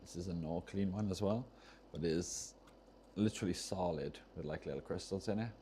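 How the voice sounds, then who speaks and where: A man's voice: sits low, brisk, warm tone, a little hiss or hum. A man casually chatting on a livestream while he solders, rambling and often losing his train of thought. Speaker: streamer repairing controllers.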